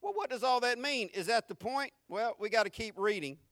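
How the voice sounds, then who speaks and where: A man preaching a sermon as pastor in an animated, conversational way, with slang, humor and repeated words as he starts sentences. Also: very high-pitched, a little fast, dry recording, studio quality.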